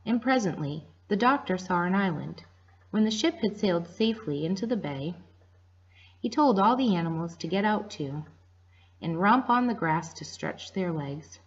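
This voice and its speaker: Casting: gentle woman storyteller, husky, reading aloud for children, lo-fi sound. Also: on the low side, lively intonation, moderate pace. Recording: dull lo-fi recording.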